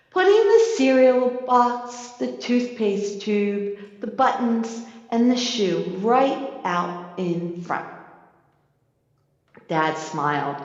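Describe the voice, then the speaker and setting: Slow, expressive woman reading a story. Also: mid-range voice, dry recording, highs cut off. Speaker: story reader. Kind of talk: reading a children's story aloud.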